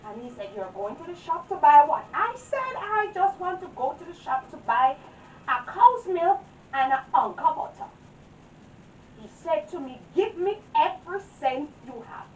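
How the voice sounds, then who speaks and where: A woman's voice: sits high, big pitch swings, moderate pace, distant mic, dull audio, a little hiss or hum. A woman with a Jamaican accent playing an indignant, dramatic old woman in a comedy skit, who scolds and exclaims. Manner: exclaiming, dramatic, mixes patois with English. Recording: echoey room, voice from afar.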